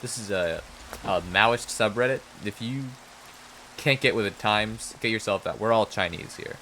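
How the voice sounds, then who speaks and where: A man's voice: fairly low pitch, moderate pace, pushed and bright, a little hiss or hum, rough recording. A man streaming a game, muttering to himself and trading mock-outraged jokes with his chat. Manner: mutters to himself while playing. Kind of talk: casual live game stream talk.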